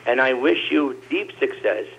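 An earnest man calls in from New Jersey, his voice gravelly and fry-laden. He speaks in formal, heartfelt well-wishes, and the phone line sounds muffled and lo-fi. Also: medium pitch, animated, unhurried. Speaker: caller. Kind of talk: phone-in call to a radio show.

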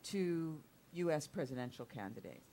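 A woman's voice: sits low, animated, normal speed, mellow, a little hiss or hum. A middle-aged woman hosting a studio talk show, chatty and rambling, often repeating herself. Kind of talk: casual chat show hosting. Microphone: studio mic with headphones.

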